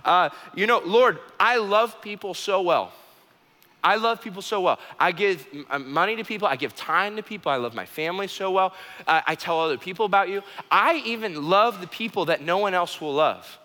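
A man's voice: high-pitched, lively intonation, normal speed, bright, forceful tone, long reverb tail. A man voicing a wealthy, earnest churchgoing man who stumbles over his words as he pleads his case. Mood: earnest pleading.

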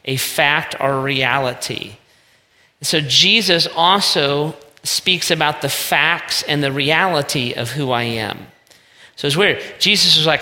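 A man's voice: a little high, a little slow, pushed and bright. A man preaching a sermon in a conversational, emphatic way, with direct asides to the audience. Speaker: pastor. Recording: reverberant hall.

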